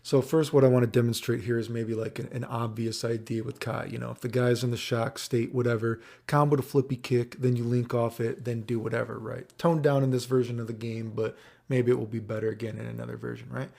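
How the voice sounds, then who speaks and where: A man's voice: medium pitch, level tone, a little fast, vocal fry, a little mellow. A man giving casual commentary over gameplay footage, rambling, swearing and checking in with the viewer. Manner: rambling, profane, keeps checking in with "right?". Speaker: fighting game commentator.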